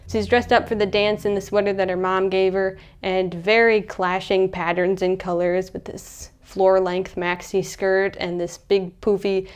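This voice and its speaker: Young woman, movie recap, chatty and animated with a smooth, clear voice, mid-range pitch. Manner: chatty, animated, acts out characters' lines. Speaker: movie reviewer.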